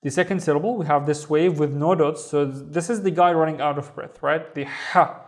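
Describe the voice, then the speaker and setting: Man, slightly high voice, patient teacher, drawn-out syllables, lesson delivery. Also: steady tone. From Saudi Arabia. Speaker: Arabic teacher. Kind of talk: reading lesson.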